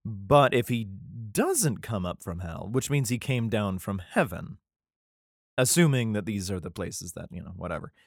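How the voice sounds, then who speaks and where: A man's voice: fairly low pitch, very animated, normal speed, vocal fry, no echo, studio quality. A man casually reading scripture aloud and riffing on it, rambling, laughing often and swearing freely. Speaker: reader commenting on scripture.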